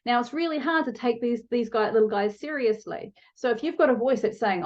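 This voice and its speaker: A woman's voice: a little high, expressive, a little fast, few pauses, muffled recording. A woman coaching viewers in a motivational video lesson, talking to them directly and shifting her pace for emphasis. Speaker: online challenge coach.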